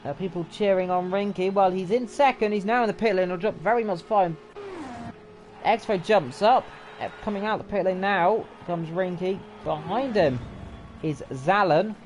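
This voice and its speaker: A man calls a sim race live, chatty and often unsure, stopping to correct himself. Game car engines roar loudly behind his voice. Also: sits high, moderate pace, a little hiss or hum. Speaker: race commentator. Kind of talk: live sim racing commentary. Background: racing game car engines.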